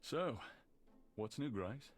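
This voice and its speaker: A man's voice: mid-range voice, lively intonation, slow pace, faint music behind. An actor playing a lazy, flirtatious male writer who runs a bookshop, teasing his assistant in a voiced adventure game. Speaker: game character.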